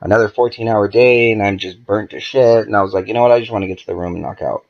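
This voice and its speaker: A man's voice: lowish voice, fast talker, creaky, highs cut off. A man, a podcast guest, telling a story in a casual, profane way and acting out the dialogue as he goes. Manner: profane, animated, acts out quoted dialogue.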